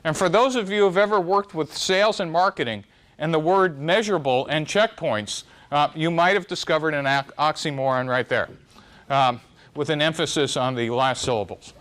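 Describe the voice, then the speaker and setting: A middle-aged man delivers a live lecture in a rather high voice. He is wry and self-deprecating, and his pitch jumps up and down as he makes his points. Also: moderate pace, fairly bright tone. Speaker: speaker giving a startup talk.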